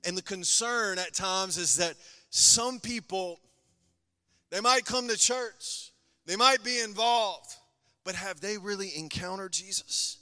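Male pastor, high bright voice, passionate testimony, hall reverb. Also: slow pace. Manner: passionate testimony, swings between loud and hushed. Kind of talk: sermon.

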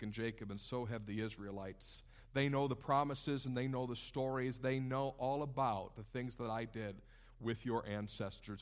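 A preacher voicing God in a calm, intimate way, speaking slowly and low. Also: male voice, close to an everyday voice. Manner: slow, low and hushed.

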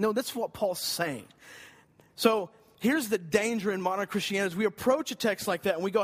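A man's voice: high-pitched, brisk, a bit bright. A man preaching a sermon in an earnest, conversational way, rising for emphasis. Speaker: pastor.

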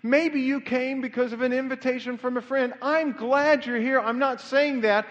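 High-voiced preacher in an echoing church. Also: male voice, steady tone, moderate pace, a bit bright. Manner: conversational preaching with self-deprecating humor, rising to fervent emphasis. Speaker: pastor. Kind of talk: sermon. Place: church sanctuary. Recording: muffled sound with long hall reverb.

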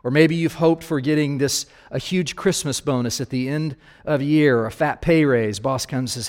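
A man's voice: medium pitch, moderate pace, hardly any pauses. Male pastor preaching in an echoing hall. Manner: casual, talks directly to listeners with questions. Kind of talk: conversational sermon.

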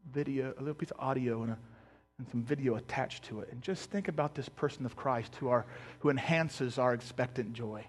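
A pastor with a high voice tells the story in a loose, slangy way, acting out scenes. He swings from loud, lively telling to a soft near whisper. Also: slightly rough. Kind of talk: casual sermon storytelling.

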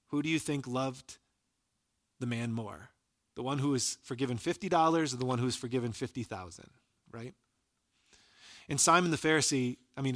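A man preaching a sermon as a pastor, retelling scripture stories in an earnest voice and dropping soft and low for quoted lines.

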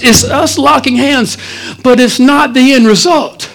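A man, the pastor, preaching a sermon in a church, swinging between loud, animated stretches and quiet asides. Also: extremely high pitch, unhurried, gravelly, poor audio.

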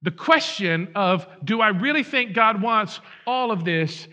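A man's voice: high-pitched, animated, measured pace, sharp tone. A male pastor preaching a sermon, earnest and pleading, repeating phrases and restarting his sentences.

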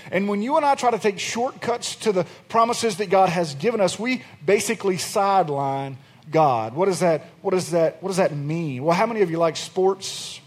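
A man in his thirties preaching a conversational sermon in church, rising in force. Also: high-pitched. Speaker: pastor.

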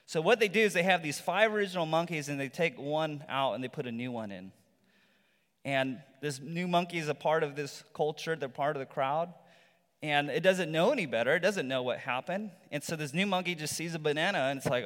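A male pastor giving a sermon in a relaxed, conversational storytelling manner, with rhetorical asides to the congregation. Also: fairly high pitch, a little fast. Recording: long reverb from a large hall.

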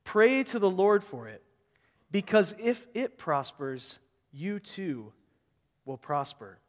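A pastor delivers his sermon in a bright, high-pitched male voice. He preaches with animation, repeats phrases for emphasis and acts out quoted voices. Every word trails off into the long reverb of a large hall. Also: big pitch swings, slow pace.

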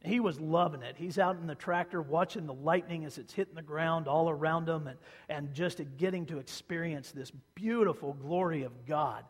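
Pastor guy from kansas telling a story in church, slightly higher voice, big reverb. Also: normal speed, slightly rough. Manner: conversational storytelling, repeats phrases for emphasis. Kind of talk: sermon.

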